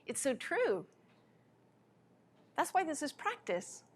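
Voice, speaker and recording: A woman giving a live spiritual lecture in an impassioned way, her voice swinging between soft, quiet passages and sudden loud ones. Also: high-pitched, sing-song, takes it slowly.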